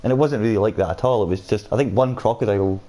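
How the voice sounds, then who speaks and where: A man's voice: lowish voice, fast, warm tone, a little hiss or hum. A man casually chatting with viewers while streaming a game, reading out their comments as he plays. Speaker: gaming streamer. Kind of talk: casual live-stream chat.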